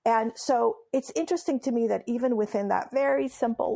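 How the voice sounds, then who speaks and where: A woman's voice: a little high, brisk, creaky, warm tone, faint music behind. A woman from Iran, a memoirist and humorist, telling stories in an interview with a playful, emphatic delivery and frequent laughs. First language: Farsi. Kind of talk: animated interview storytelling.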